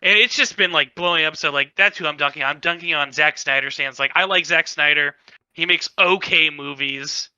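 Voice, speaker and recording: Male podcaster, casual rant, exasperated, bright tense tone, higher voice. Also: a little fast, clean tone, dry recording, highs cut off. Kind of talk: casual chat.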